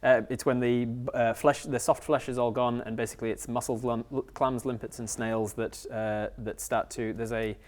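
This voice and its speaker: A man's voice: mid-range voice, flat delivery, moderate pace, hardly any pauses. A man narrating as game master of a tabletop game, rambling, with many fillers and restarts.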